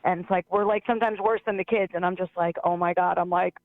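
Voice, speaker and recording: A man's voice: sits high, steady tone, fast, no echo. A man who is a schoolteacher calling into a talk show, venting in an exasperated way with lots of "like" fillers. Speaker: caller, schoolteacher. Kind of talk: casual phone call-in chat. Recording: tinny phone line.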